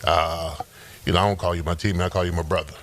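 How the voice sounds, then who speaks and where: A man hosting a sports radio show in an animated, casual way, peppering his talk with "man". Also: sits low, quick pace, a little hiss or hum. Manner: animated, repeats "man" a lot. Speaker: radio host.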